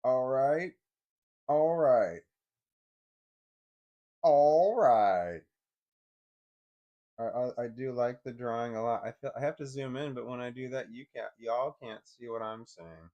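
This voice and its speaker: In lo-fi audio, a vlogger at medium pitch and normal speed tries to zoom a picture on his computer, rambling and swearing often. His frustrated muttering doubles as thinking aloud for viewers in this casual screen-share commentary.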